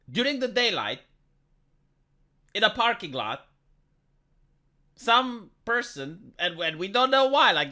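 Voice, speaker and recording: A woman from Romania giving dry, mocking reaction commentary on a viral video. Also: on the low side. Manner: dry, mocking, deadpan asides. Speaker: commentary YouTuber.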